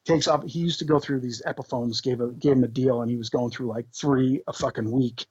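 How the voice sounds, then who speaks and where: A man, a podcast guest, telling tour stories in an animated, swearing, laughing way. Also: mid-range voice, fairly quick, breathy edge, no echo, muffled recording. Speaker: podcast guest, band member. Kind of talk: casual storytelling.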